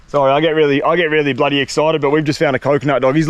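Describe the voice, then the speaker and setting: A young man, chatting excitedly and slangily to the camera while exploring a tropical jungle outdoors. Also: on the high side, rapid-fire, few pauses, no echo. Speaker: survival vlogger. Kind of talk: solo outdoor vlog narration.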